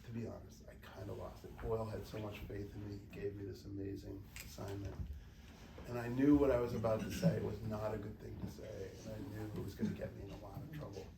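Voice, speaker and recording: A middle-aged American man, a journalist and guest speaker, telling animated anecdotes to a small group of students and acting out quotes as he goes. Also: on the low side, quick pace, vocal fry. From United States. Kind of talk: storytelling talk to students. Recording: echoey room, distant mic, faint noise.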